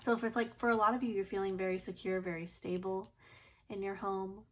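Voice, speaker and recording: Speaking fairly quickly at a medium pitch, this tarot reader chats casually with her viewers, her slightly itchy throat showing through. She's relaxed, laughs softly, and uses lots of loose fillers.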